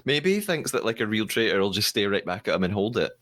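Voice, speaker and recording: Podcast host guy, lowish voice, chatty and a bit hesitant, lots of ums. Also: sing-song, fast talker, a bit bright. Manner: chatty, hesitant with fillers and restarts. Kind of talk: casual podcast recap chat.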